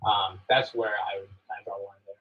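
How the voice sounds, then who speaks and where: A man in a podcast discussion making his point calmly and checking in with "right?". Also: lowish voice, fast talker. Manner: reasoned, with lots of "right?" checks. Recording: distant dull audio from a played clip.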